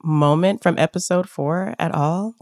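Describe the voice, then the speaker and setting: A woman's voice: on the low side, a little slow, a little mellow, no echo, clean studio sound. A woman hosting an interview, asking friendly, open questions in a casual, engaged way. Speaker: interviewer host.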